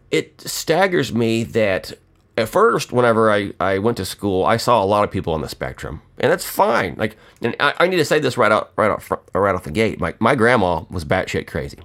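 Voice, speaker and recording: A middle-aged man talks in a loose, rambling monologue, joking and swearing freely. His voice sits low but swings widely in pitch. He tells stories the way a podcast host chats. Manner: profane, joking storyteller.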